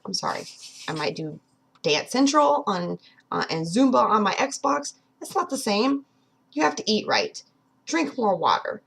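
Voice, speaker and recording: Husky-voiced woman giving a vlog pep talk. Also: a little high, fairly bright tone. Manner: earnest, pep-talk, addresses viewers directly. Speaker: vlogger. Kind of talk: motivational personal vlog.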